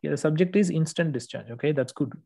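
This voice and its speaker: A man's voice: on the high side, quick pace, vocal fry, dark tone. A man tutoring one student, correcting written work patiently and checking understanding often. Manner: patient, explanatory, frequent "okay" checks. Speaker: English test tutor.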